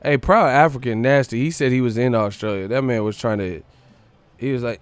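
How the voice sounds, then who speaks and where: A man's voice: medium pitch, normal speed, clean tone, dry recording. A man hosting a livestream, casually reading comments aloud in a profane, slangy way, often breaking into laughter. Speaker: livestream host.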